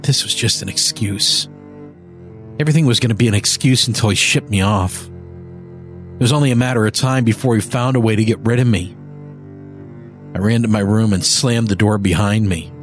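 A man reading a horror story aloud in first person, measured and often slowing down for tension. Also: faint music behind. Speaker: narrator. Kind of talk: scripted horror story narration. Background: faint cello and double bass score.

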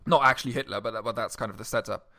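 A man's voice: lowish voice, racing. Chatty young man hosting a podcast. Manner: animated, self-interrupting, jokey. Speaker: podcast co-host. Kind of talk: casual chat. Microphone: close podcast mic.

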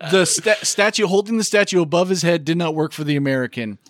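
Man cracking wry jokes about a bad old movie, kinda high voice, dry mic. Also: expressive, quick pace, fairly bright tone, no echo. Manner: wry, joking asides, chuckling. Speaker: podcast co-host. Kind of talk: casual movie recap chat.

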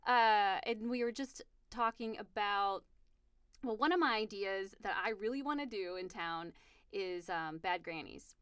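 A woman hosting a podcast, telling stories in a lively, chatty way with many fillers. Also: mid-range voice, unhurried, smooth, no echo, clean studio sound. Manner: animated storyteller, many fillers. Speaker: podcast host. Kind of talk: casual chat.

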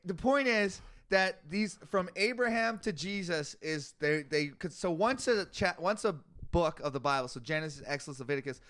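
A man's voice: a little high, expressive, moderate pace, few pauses, fairly bright tone, dry recording. A man co-hosting a podcast, reading scripture aloud in casual chat and growing exasperated at long lists of names, swearing as he goes.

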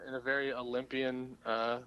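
A man's voice: mid-range voice, level tone, moderate pace, dull audio, a crowd in the background. Enthusiastic rambling podcast man. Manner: enthusiastic, rambling, many fillers and swearing. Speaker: podcast co-host. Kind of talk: casual movie discussion podcast.

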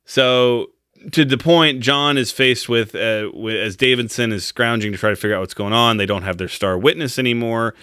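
A man's voice: medium pitch, moderate pace, bright, forceful tone, smooth, no room sound, clean studio sound. A man on a podcast casually recapping a movie, joking and swearing as he acts out the characters' lines. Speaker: podcast co-host.

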